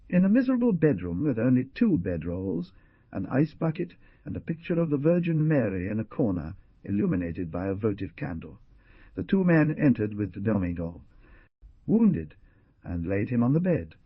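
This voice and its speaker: Husky low-voiced male audiobook narrator. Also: no room sound, lo-fi sound. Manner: expressive storytelling. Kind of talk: scripted narration.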